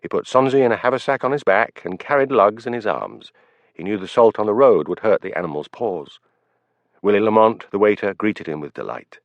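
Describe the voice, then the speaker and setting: Low-voiced male audiobook narrator. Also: animated, brisk, no echo. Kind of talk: scripted narration. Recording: dull lo-fi, dry.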